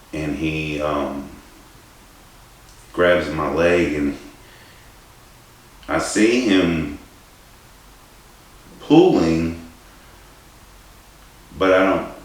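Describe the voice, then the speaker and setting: A low-voiced man tells his own story casually, halting and restarting, with bits of swearing and laughter at himself. He sits some way from the mic in a room with heavy echo. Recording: distant mic in a very echoey room.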